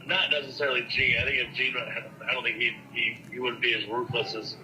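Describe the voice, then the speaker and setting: A man's voice: medium pitch, steady tone, fairly quick, a loud crowd. A man chatting casually on a phone call, saying bro and right a lot.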